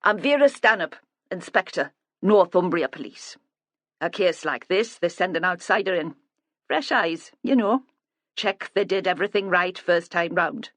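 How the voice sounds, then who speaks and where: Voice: medium pitch, animated, unhurried, fairly bright tone, no echo. A blunt, no-nonsense middle-aged woman inspector, as an audiobook narrator puts her on, speaking directly and with weight on her words. The read is close and dry, with no room around the voice. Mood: businesslike.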